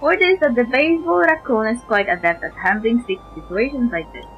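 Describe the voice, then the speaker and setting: A woman voicing a calm, formal adult investigator in a game, reading low and quiet. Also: brisk, slight background noise, close to an everyday voice. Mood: grave. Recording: dull lo-fi mic with music behind.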